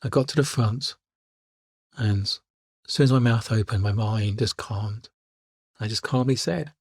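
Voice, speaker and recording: Calm man, husky and dry. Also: lowish voice, measured pace, pauses often, no room sound. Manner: calm storytelling, repeats key lines. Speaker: life coach. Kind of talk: reflective podcast monologue.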